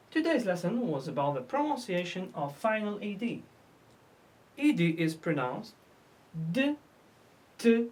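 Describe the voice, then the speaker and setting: A North African woman with a mid-range, darkish voice teaches English pronunciation in a slow classroom lesson. She asks questions and answers them herself, repeating each word.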